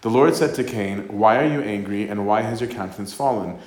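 A man's voice: fairly low pitch, fairly quick, darkish tone, roomy sound. A man giving a casual, conversational sermon, reading scripture and then talking it through, often tagging his lines with "right?". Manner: conversational, tags lines with "right?", acts out voices. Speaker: priest giving a talk.

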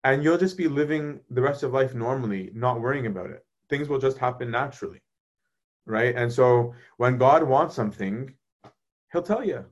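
Casual, animated priest answering questions. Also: male voice, mid-range voice, moderate pace. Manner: conversational, animated, often asks "right?".

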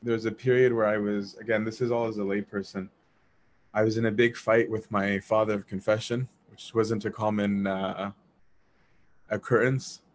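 A man telling a personal faith story in a casual, earnest way, with self-deprecating asides and frequent restarts. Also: fairly low pitch.

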